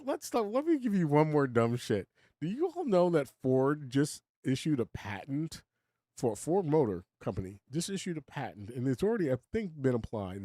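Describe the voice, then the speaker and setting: A man's voice: medium pitch, warm tone, no room sound, studio quality. An older man hosting his own live stream, rambling and opinionated, chuckling as he talks to his chat. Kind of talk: casual live-stream monologue.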